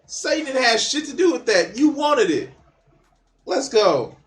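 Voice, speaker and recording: Guy ranting over a clip, swearing a ton, high voice bouncing all over, takes his time. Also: very animated, unhurried, a bit bright. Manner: mocking, blunt, swears a lot, laughs at the clip. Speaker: video commentator reacting to a documentary. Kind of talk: profane reaction commentary.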